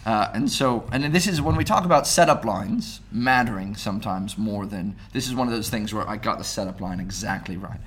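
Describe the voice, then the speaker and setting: A man's voice: lowish voice, a little fast, hardly any pauses, a bit bright. A man who works as a stage mind reader, telling stories in casual podcast chat, with many restarts. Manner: chatty storyteller, many restarts.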